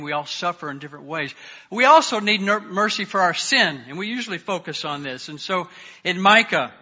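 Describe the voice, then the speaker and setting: Earnest high-voiced male preacher. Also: muffled recording. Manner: earnest, varies loudness, drops soft on prayers. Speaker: pastor. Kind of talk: sermon with scripture reading.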